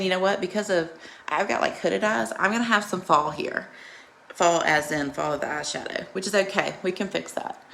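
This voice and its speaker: A woman's voice: on the low side, vocal fry, a bit bright, a little hiss or hum. A woman hosting a live makeup tutorial, chatting and greeting viewers by name while coaching them through each step in a reassuring way.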